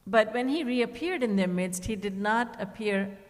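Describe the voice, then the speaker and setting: A woman's voice: on the high side, normal speed, big-room sound. A woman spiritual teacher giving a devotional discourse, telling stories and acting out the characters' words. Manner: storytelling, quoting characters with shifts in tone. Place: retreat hall.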